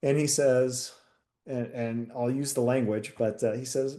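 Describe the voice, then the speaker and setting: A man's voice: medium pitch, normal speed. Candid American man telling a story. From United States. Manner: candid, animated storyteller who acts out quoted dialogue. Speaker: retired detective sergeant, guest. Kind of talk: storytelling in a casual interview.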